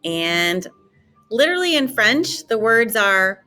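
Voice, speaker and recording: A woman teaching a beginner language lesson, modeling words slowly and clearly for students to repeat. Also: medium pitch, very animated, pushed and bright, soft background music. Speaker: French teacher.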